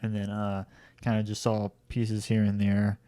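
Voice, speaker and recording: A man's voice: on the low side, completely flat delivery, a little slow, warm tone, dry recording. A man co-hosting a casual podcast chat at home, talking loosely with lots of fillers and jokes. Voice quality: chatty, jokey, lots of fillers. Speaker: podcast co-host.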